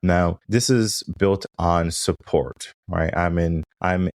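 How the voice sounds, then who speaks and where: A man's voice: low voice, fairly even intonation, slow pace, no echo, studio quality. A middle-aged man hosting a coaching podcast, talking emphatically in a monologue, often asking "right?" and acting out other people's objections. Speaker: podcast host, mindset coach.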